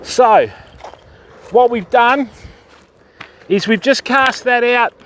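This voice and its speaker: An older Australian man with a fairly high voice talks casually to his livestream viewers from the beach, explaining each step and greeting people by name. The outdoor recording has a faint hiss of background noise behind him. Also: slow pace, fairly bright tone. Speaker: fishing livestream host.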